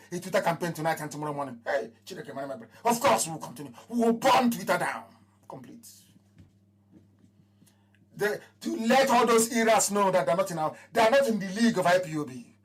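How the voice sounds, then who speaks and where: Husky Nigerian man proclaiming to followers. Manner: declamatory, repeats phrases, swings between raised proclamations and low mutters. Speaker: movement leader addressing followers. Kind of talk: impassioned live broadcast address.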